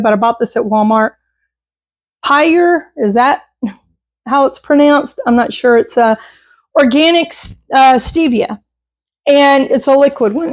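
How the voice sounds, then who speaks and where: Chatty higher-voiced middle-aged woman. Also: no echo. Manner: chatty and self-deprecating, with frequent laughs and restarts. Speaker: vlogger showing a grocery haul. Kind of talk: casual chat.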